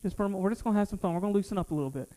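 High-voiced preacher man. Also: racing, poor audio. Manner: energetic preaching with many restarts and call-and-response. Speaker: pastor. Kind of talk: sermon.

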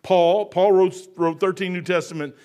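A man's voice: high-pitched, steady tone, normal speed, darkish tone. A man in his sixties preaching a sermon in an emphatic, folksy, repetitive way. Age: 60s. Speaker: pastor.

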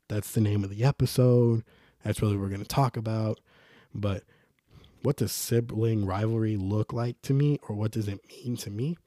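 Low, mellow man telling stories. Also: no room sound, clean studio sound. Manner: rambling, animated when quoting others. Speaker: podcast host. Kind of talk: casual storytelling monologue.

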